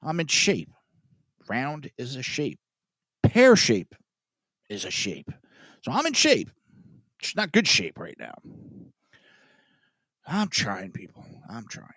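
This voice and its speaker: A man hosting a political commentary podcast, sarcastic and profane, sighing and swinging between loud outbursts and mutters. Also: medium pitch, wildly swooping pitch, slow pace, long pauses, dry recording. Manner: sarcastic, profane, self-mocking. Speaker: podcast host.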